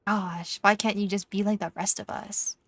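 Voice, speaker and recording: A woman's voice: medium pitch, steady tone, normal speed, fairly bright tone, no echo. A young Canadian woman streamer with a Canadian accent, chatting casually and teasingly with viewers while gaming, full of fillers. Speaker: VTuber streamer. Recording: faint background music.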